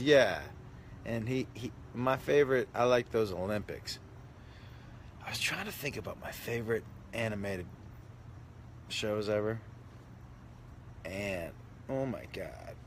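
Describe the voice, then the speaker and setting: Brief: male comedian hosting a casual live stream, lively pitch, joking and self-mocking, faint background hiss. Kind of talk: casual live-stream chat reading comments.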